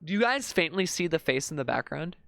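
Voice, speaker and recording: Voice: mid-range voice, very animated, fairly quick, gravelly, fairly bright tone. A streamer giving casual live commentary, thinking aloud and often stammering into restarts.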